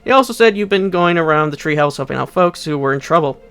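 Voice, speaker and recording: A man reading aloud the lines of an eager young male police officer from a video game, in an earnest, brisk way. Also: fairly high pitch, expressive, a bit bright, clean tone, no room sound. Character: eager young male cop, boastful maverick.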